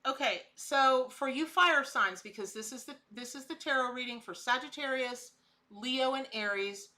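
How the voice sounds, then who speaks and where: A woman's voice: high-pitched, normal speed, pushed and bright. A middle-aged woman hosting a casual live-stream tarot reading. She chats with viewers, calls them by name as she answers the chat, and laughs often. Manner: laughs often, with frequent restarts.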